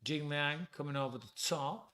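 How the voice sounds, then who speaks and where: A man's voice: a little high, moderate pace. A middle-aged man with an English accent, hosting a casual live-stream watch party and talking through the fights, swearing often. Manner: swears and says "bloody" often, excitable. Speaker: host.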